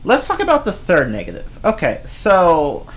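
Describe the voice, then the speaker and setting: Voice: mid-range voice, wildly swooping pitch, normal speed. A streamer ranting casually about movies, rambling and swearing, often breaking into laughter. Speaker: streamer reviewing films. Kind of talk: casual rant.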